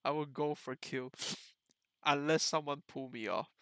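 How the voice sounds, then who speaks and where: Bright, crisp young man telling stories. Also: a little high, a little slow, no echo. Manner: rambling, many "like" fillers, laughs often. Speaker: podcast host. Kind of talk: casual storytelling chat.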